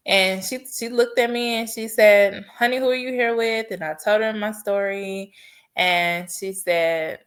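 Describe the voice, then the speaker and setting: A woman's voice: lowish voice, fairly bright tone. A woman podcast host telling a personal story in an earnest, heartfelt way and offering faith-based encouragement. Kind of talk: personal testimony monologue.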